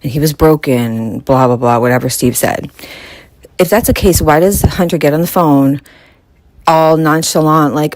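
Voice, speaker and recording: A woman's voice: deep voice, moderate pace, darkish tone. A woman hosting a live true-crime commentary stream, puzzling aloud over the details and asking her viewers questions. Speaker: host.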